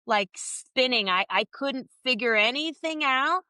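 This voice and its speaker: A woman guest on a podcast, candidly telling a personal story in a casual, animated way and reenacting conversations as she goes. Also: high voice, unhurried, no room sound.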